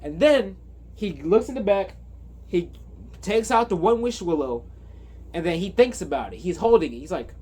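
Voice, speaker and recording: A man's voice: high-pitched, big pitch swings, normal speed, pauses often, darkish tone, slightly rough. A man giving a casual movie recap, rambling with lots of fillers and self-corrections. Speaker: movie reviewer.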